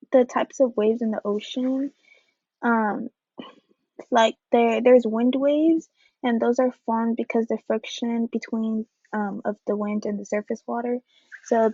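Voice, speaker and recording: A woman's voice: on the high side, a little mellow, no echo. A young woman giving an informal class presentation on waves, hesitant and full of fillers. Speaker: student presenter. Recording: dull lo-fi mic.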